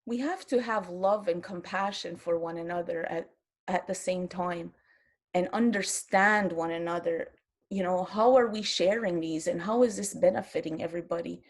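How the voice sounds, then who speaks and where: On an online round-table video call, an older grandmother from Kahnawake, Quebec speaks earnestly at a moderate pace in a voice on the low side. She restarts often, and at moments her feelings show.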